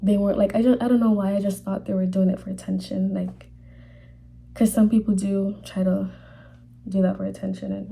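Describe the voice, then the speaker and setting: A young woman telling a personal faith testimony in a halting, casual way, full of fillers, sometimes dropping to a whisper. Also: medium pitch, level tone, vocal fry, warm tone, a little hiss or hum. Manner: halting, many fillers, drops to whispers when emotional. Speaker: vlogger sharing a faith testimony.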